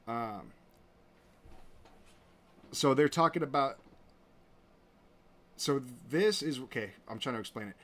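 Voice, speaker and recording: A man's voice: medium pitch, lively intonation, takes it slowly, pauses often, fairly bright tone. A man hosting a show, talking casually and with indignation, full of fillers and restarts. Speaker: host. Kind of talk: casual commentary reading out messages.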